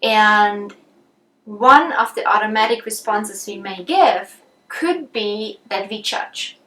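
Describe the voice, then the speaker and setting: A woman teaching about empathy in a relaxed, conversational way, thinking aloud with frequent ums and restarts. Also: medium pitch, slow. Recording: roomy echo.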